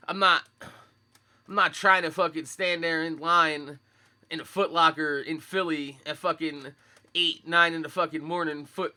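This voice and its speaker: A young man, talking laid-back and profane in sneaker-head slang. His voice is high for a man and very bright and sharp, with a groggy morning roughness. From Philadelphia, USA. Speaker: sneaker vlogger. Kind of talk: casual chat to live viewers.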